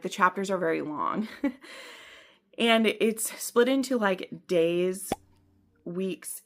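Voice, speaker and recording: A book vlogger talks through her reading in a chatty, rambling way, full of fillers and frequent laughs at herself. Her medium-pitched voice is creaky, with a fairly bright tone.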